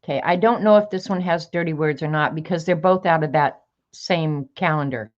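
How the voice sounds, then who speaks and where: A woman with a low-ish voice reads sassy one-liners aloud in a chatty home video, laughing a little between them. The sound is dull and lo-fi, as if from a camera or phone mic. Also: normal speed. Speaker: crafter sharing sayings on video. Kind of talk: casual reading of sassy sayings to camera.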